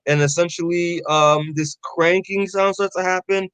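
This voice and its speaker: Rambling, profane young man, fairly high voice. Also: steady tone, moderate pace, fairly bright tone, clean tone, no room sound, rough recording. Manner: rambling, swears freely, many fillers. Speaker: podcast co-host. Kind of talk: casual chat recapping a comic.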